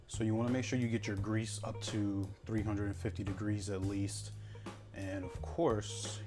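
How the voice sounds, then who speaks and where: A man giving a relaxed, chatty cooking demonstration with step-by-step tips for his vlog. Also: lowish voice. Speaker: cooking vlogger. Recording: home video with music behind.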